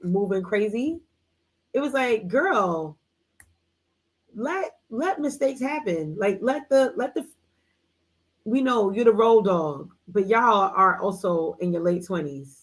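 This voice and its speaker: A woman's voice: lowish voice, low-quality recording. A woman hosting a casual live book discussion, chatty and slangy, acting out characters' lines as she retells the story. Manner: animated storytelling, acts out characters' lines in quotes; slangy, chatty, many fillers like "like" and "um". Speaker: book club host.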